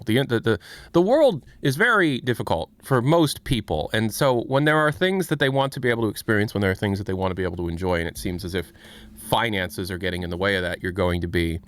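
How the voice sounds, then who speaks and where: An American man hosting a livestream, talking casually and frankly, often restarting his sentences. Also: fairly low pitch. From United States. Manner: rambling, self-interrupting, frank. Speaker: livestream host.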